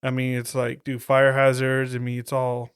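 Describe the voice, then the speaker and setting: Smooth-voiced, profane man reviewing movies. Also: mid-range voice, monotone, normal speed, dry recording, clean studio sound. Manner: profane, slangy, laid-back. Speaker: podcast host. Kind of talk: casual movie review chat.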